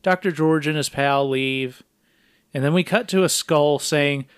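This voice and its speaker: Smooth-voiced man recapping a film. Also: fairly high pitch, a little slow, dry recording, clean studio sound. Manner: recounting scenes in a flat, matter-of-fact play-by-play. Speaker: podcast co-host. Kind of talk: casual film recap podcast.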